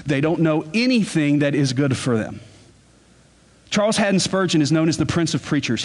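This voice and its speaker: A man preaching a sermon as pastor, earnest, and he slows down to stress key words. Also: a little high.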